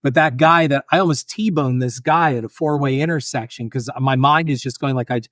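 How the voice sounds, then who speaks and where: A guest filmmaker and author on a podcast tells funny personal stories in a mid-range voice at a moderate pace, animatedly acting out the other people involved. The casual storytelling is captured in clean, dry studio sound.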